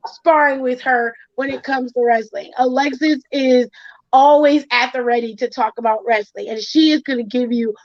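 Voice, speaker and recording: A high-voiced woman hosts a casual podcast chat and tells a story with lots of acted-out quotes and swearing. The sound is dry and a bit dull, like a lo-fi home setup. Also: moderate pace, no room sound. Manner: animated storytelling, acts out quotes, swears freely. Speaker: podcast host.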